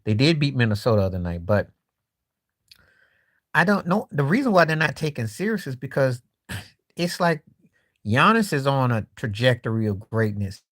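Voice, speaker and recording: Casual live-stream host, a man, skeptical and blunt, keeps clearing his throat, talking into a phone. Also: medium pitch, big pitch swings, normal speed, long pauses, fairly bright tone. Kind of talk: casual basketball opinion talk. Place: walking while streaming.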